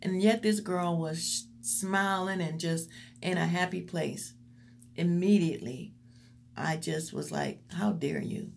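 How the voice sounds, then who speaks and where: Woman vlogger, low gravelly voice, earnest faith-filled pep talk to her viewers. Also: unhurried, slight background noise. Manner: earnest, encouraging, preacherly repetition. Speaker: motivational vlogger. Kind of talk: faith-based motivational talk to camera.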